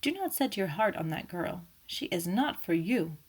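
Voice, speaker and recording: A woman voicing an elderly, fussy male Belgian detective, speaking gently and ironically in an audiobook. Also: mid-range voice, sing-song, normal speed, husky. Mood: ironic, teasing. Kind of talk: audiobook character voice.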